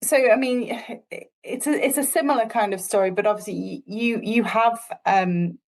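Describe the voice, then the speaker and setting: A woman hosting a conversational interview, asking questions gently with many restarts. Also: medium pitch, moderate pace. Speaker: host interviewer.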